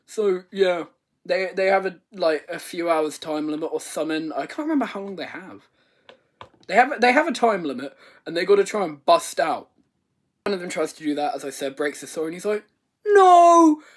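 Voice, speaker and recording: A man's voice: fairly high pitch, animated, a little fast. A man giving a rambling, comedic movie review rant, swearing and exaggerating. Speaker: video reviewer.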